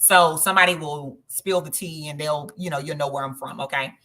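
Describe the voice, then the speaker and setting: A woman with a Southern twang from Georgia hosts a casual travel livestream. Her voice sits low yet sounds bright and forceful, and she keeps checking in with her audience with "okay?" and "right?". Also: a little fast. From Southern Georgia, USA. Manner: chatty, addresses viewers directly, frequent "okay?" tags. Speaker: host of a travel group livestream.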